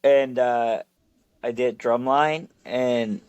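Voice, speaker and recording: A man's voice: mid-range voice, steady tone, very slow, a little mellow, clean tone, no room sound. A man from Southern California, a band drummer, answering an interview question hesitantly with ums.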